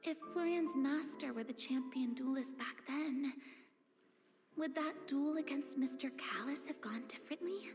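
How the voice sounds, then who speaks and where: A woman's voice: sits high, moderate pace, over music. A bubbly young noblewoman. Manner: bubbly and expressive, thinking aloud. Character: cheerful, lively young noblewoman. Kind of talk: game voice acting.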